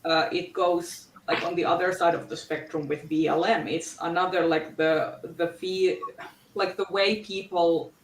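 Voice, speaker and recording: A woman on a video call in a casual book club discussion, speaking haltingly with many restarts. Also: fairly low pitch, level tone, background noise. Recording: roomy echo.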